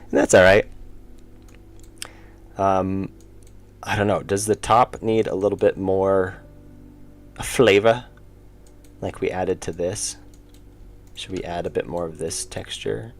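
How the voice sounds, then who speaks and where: A man's voice: steady tone, slow pace, long pauses. A man, chatting casually on a livestream while he draws, often muttering to himself. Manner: low-key, mutters to himself while working. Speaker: indie game developer streaming. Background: faint background music.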